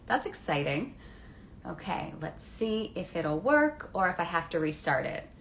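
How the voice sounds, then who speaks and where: A woman's voice: lowish voice, very animated, measured pace, a bit bright, slight background noise. A woman hosting a live-streamed chat, bubbly and effusive, talking casually with her guest. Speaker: host. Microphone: phone or computer mic on a social media live.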